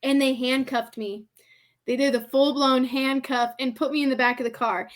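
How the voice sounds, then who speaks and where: A woman guest on a podcast telling a story in casual conversation. She is animated, laughs often, acts out the people in it and keeps saying "like". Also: high voice, normal speed. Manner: chatty, heavy use of "like" and "I'm like".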